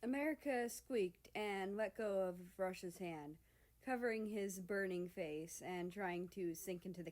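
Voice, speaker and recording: A woman narrating a fan fiction story in an expressive, steady reading voice. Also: fairly low pitch. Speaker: story reader.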